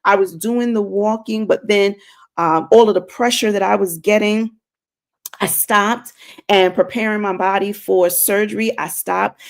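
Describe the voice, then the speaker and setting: A woman's voice: mid-range voice, steady tone, unhurried. A woman streaming a faith-based talk to her viewers, earnest and preachy, repeating herself for emphasis. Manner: addresses viewers directly. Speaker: inspirational streamer.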